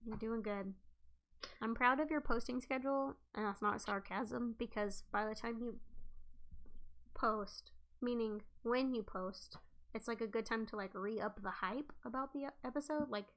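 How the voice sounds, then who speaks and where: A woman in her thirties, co-hosting a podcast in casual chat, loud and laughing and swearing freely. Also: fairly high pitch, moderate pace. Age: 30s. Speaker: podcast co-host.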